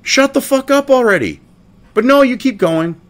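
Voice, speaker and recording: A man's voice: very high-pitched, expressive, moderate pace, a bit bright. A man hosting a commentary show, ranting profanely and mocking a statement as he reads it aloud.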